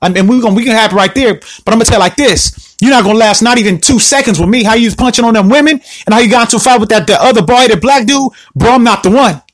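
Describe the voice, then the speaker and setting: A man hosting a solo podcast, ranting in an animated, repetitive, confrontational way. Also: extremely high pitch, racing, hardly any pauses, no echo. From Southern California. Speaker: podcast host.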